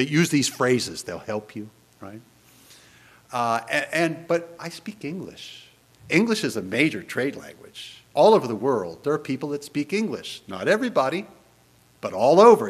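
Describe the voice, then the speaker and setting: A man preaching a sermon in church, animated and conversational, posing many rhetorical questions to the congregation. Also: medium pitch, normal speed, husky. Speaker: pastor.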